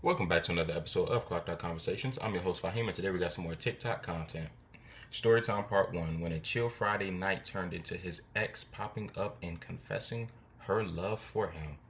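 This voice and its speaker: A man with a very deep voice opens his show with a quick, upbeat introduction. Faint noise sits under his voice. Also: fairly bright tone. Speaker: host.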